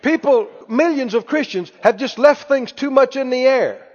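High-voiced preacher in a church hall. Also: male voice, moderate pace, hardly any pauses. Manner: call-and-response preaching, rising to shouts. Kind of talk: sermon. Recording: dull recording in a reverberant hall.

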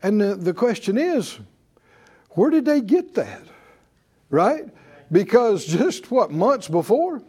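Slow, deep-toned older preacher. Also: male voice, a little mellow, husky. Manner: folksy, chuckling, rhetorical questions. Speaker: preacher and teacher. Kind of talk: sermon-style Bible class.

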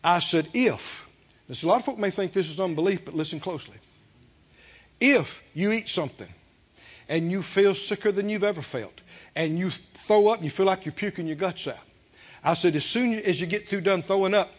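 A man preaching a sermon, fervent and rising to emphatic shouts. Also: high voice, moderate pace. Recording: dull lo-fi sermon recording.

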